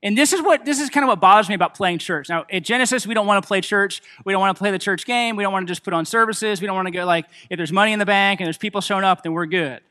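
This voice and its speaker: A pastor preaching a sermon to his church, a man with a high, bright voice. He talks in a loose, casual way, full of fillers and restarts, and pokes fun at himself as he goes. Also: very fast, hardly any pauses. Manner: casual, self-deprecating preaching with many fillers.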